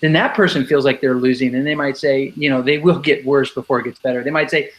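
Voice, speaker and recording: A man with a somewhat high voice and a gravelly fry, talking as an interview guest. He explains his points with emphasis and keeps slipping into the voices of the kids he quotes. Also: a little fast, rough recording. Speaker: anti-bullying speaker and educator.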